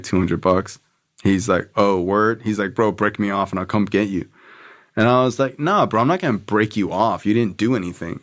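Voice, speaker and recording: A fairly low-pitched man telling a story as a podcast guest, in a loose and casual way. His talk is full of filler and casual swearing. He keeps slipping into the back-and-forth dialogue of whoever he is quoting. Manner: loose and profane, heavy on filler "like" and "bro", acts out quoted dialogue.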